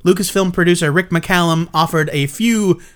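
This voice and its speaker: A man's voice: high-pitched, moderate pace. A man co-hosting a comics news podcast, reading items and teasing his co-host. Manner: playful, teasing. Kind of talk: casual comics news chat.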